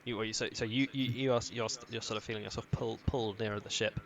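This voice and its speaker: A man's voice: on the low side, steady tone, fast, fairly bright tone. A young man narrating as game master of a tabletop game, describing scenes hesitantly with many restarts.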